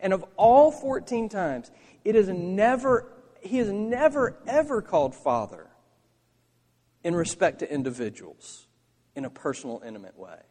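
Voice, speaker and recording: A male pastor delivers a sermon, pressing his points hard and then dropping to hushed asides. His voice sits high and leaps around in pitch. The sound carries a long reverb tail from a church hall. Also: unhurried. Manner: animated preaching, swinging from emphatic to hushed.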